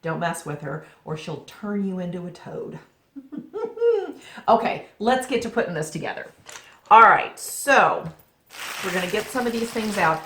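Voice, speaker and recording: A woman's voice: fairly low pitch, a bit bright. A woman chatting jokily to the camera as a vlogger, at home in her family room. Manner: chatty, jokey, talks to the camera and her cats. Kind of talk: casual chat. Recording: echoey room, faint noise.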